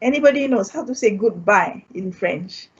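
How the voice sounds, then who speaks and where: A woman's voice: medium pitch, animated, normal speed, breathy edge. A Malaysian woman teaching a live online French lesson. She repeats each word and keeps checking in with "okay?", and now and then slips into Malay. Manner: drills words by repeating them, checks in with "okay?". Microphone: streamed live online. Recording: dull lo-fi stream audio.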